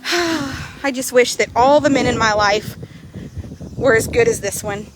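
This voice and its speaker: High-voiced, blunt woman. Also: a little slow, noisy background. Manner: blunt, swearing, lively storytelling. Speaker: horse trader. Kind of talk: casual vlog chat. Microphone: phone.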